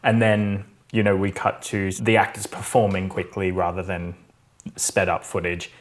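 Man, podcast co-host, casual and animated, slips into character voices when recapping. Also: low-pitched, normal speed. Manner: animated, acts out scenes in put-on voices. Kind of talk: casual chat.

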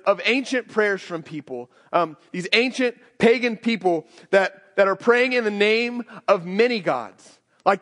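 In a church sanctuary with long hall reverb, a pastor with a high, fairly bright voice delivers a conversational sermon. He frequently repeats himself and restarts his words.

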